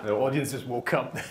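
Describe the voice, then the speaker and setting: A man doing stand-up comedy, with cheeky asides to the audience. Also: mid-range voice. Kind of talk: stand-up comedy with crowd work. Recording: live crowd in an echoey venue.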